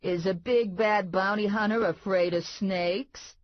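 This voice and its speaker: A woman voicing a brash, swaggering male police officer who talks loud and teasing in an audiobook. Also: medium pitch, fairly even intonation, a little slow, no room sound, lo-fi sound, pitched above the performer's own voice, close to an everyday voice.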